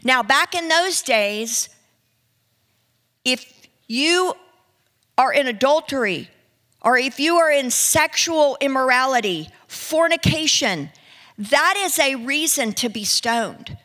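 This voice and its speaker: A woman preaching a sermon, reading scripture slowly and talking with her listeners in a conversational way. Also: high voice, expressive, pushed and bright. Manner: conversational, addresses listeners directly; reads scripture slowly and deliberately.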